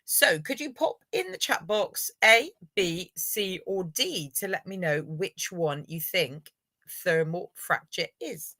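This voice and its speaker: A woman's voice: on the low side, expressive, takes it slowly, bright, forceful tone, no room sound. Upbeat woman running a quiz. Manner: encouraging, upbeat, praises viewers. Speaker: teacher hosting a live revision session. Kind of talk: live online lesson, quiz hosting.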